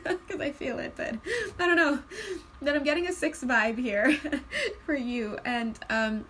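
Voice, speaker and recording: A woman's voice: a little high, slight background noise, poor audio. Chatty woman reading tarot cards. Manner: chatty, laughs often, stretches words when calm. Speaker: tarot card reader. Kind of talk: casual spiritual card reading.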